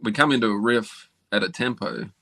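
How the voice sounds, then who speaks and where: A man who is a guest musician, telling stories in a relaxed, laid-back way. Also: medium pitch, fairly quick, creaky, dry recording. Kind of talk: casual chat.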